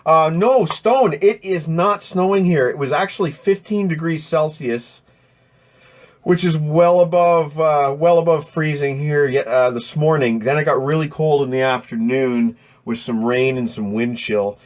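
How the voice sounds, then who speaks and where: A man's voice: a little high, a little slow. Chatty, jokey man hosting a live stream. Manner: chatty and jokey, answering viewer questions. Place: indoors next to a window.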